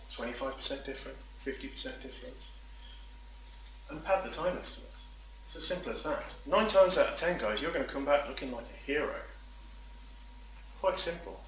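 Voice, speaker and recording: A man's voice: medium pitch, sharp tone, distant mic, slight background noise. Man talking in an echoey room. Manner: chatty, self-deprecating, rambling asides. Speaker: conference speaker. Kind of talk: presentation talk.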